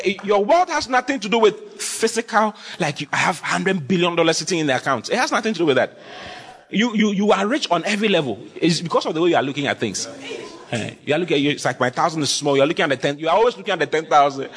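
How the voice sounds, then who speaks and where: A man preaching a sermon as pastor, in an animated, repetitive style full of rhetorical questions. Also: high voice.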